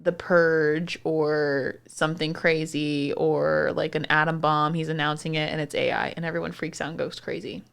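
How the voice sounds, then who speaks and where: Brief: podcast co-host, woman, low smooth voice, loose and animated chat. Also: moderate pace, few pauses. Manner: animated, swearing, lots of fillers. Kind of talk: casual chat.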